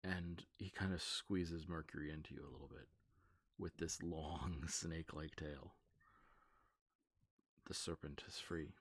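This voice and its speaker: Game master, male, very deep voice, quick with the rules, drawn-out storyteller. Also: fairly even intonation, slightly rough, dry recording. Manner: quick rules talk, slower dramatic narration. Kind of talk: running a tabletop game on a livestream.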